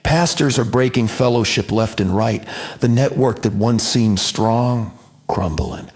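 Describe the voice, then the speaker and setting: A man performing a mocking stand-up comedy monologue, breaking into high yelled impressions of shouting preachers. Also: measured pace, slightly rough.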